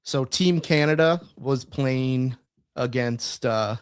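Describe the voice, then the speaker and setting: A man co-hosts a podcast, chatting casually and rambling with lots of fillers and restarts. He speaks slowly in a medium-pitched, clean-toned voice, and the studio-quality recording has no room sound.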